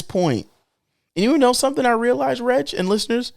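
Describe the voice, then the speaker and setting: A young man co-hosts a podcast with casual commentary, speaking emphatically and animatedly. He swings between low, drawn-out remarks and excited bursts, with some vocal fry.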